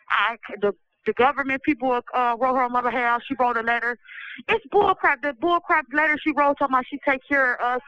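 A sick man with a swollen throat, giving a pleading, halting commentary from prison over the phone. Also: very high-pitched, clean tone, no room sound. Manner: pleading, distressed, halting restarts. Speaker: incarcerated person giving a recorded commentary. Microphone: telephone. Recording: muffled, dry prison phone line.

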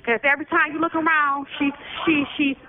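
A woman's voice: high voice, little pitch movement, fairly quick. A woman in prison calling in by phone, giving an urgent, agitated commentary with lots of repetition. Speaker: incarcerated person calling in. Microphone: prison telephone. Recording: tinny phone line.

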